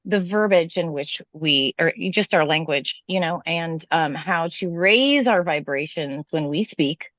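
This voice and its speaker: Animated woman telling stories, dull dry audio. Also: low-pitched, no echo. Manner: animated, drawn-out storyteller. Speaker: guest. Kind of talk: casual chat, storytelling.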